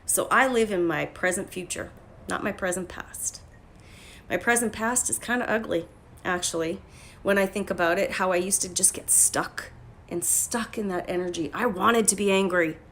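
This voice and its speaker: A woman life coach talking casually on a phone livestream. She is blunt and profane and breaks into loud, emphatic bursts. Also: medium pitch, normal speed, slight background noise. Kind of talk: casual motivational livestream talk.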